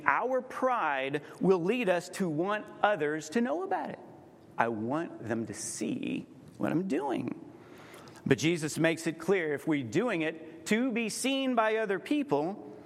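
A man preaching a sermon in a conversational way, acting out quoted voices as he explains scripture. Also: high voice. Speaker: pastor. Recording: long hall reverb.

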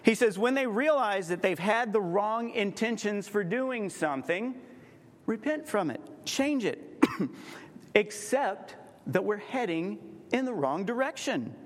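Guy preaching, chatty, swings his pitch around a lot, big hall echo. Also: expressive, unhurried. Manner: conversational preaching, acts out quoted voices. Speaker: pastor. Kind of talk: sermon. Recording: long hall reverb.

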